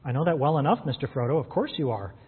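A man's voice: mid-range voice, lively intonation, fast talker, slightly rough. A man reading the part of a loyal, eager young male hobbit companion aloud from a storybook during a sermon. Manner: eager and devoted. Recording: phone-like sound in a reverberant hall.

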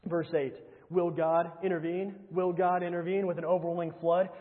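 A man preaching a sermon, earnestly reading scripture aloud and pressing his point with rhetorical questions and repetition, often dropping to a low hush. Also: flat delivery, normal speed, few pauses. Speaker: pastor. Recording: tinny phone-like sound with long hall reverb.

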